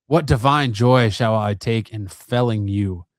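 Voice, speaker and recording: A man's voice: on the low side, measured pace, no echo, clean studio sound, voice pushed down, lightly acted. A man voicing a proud, mocking male centaur warrior, reading his lines in a theatrical, taunting way.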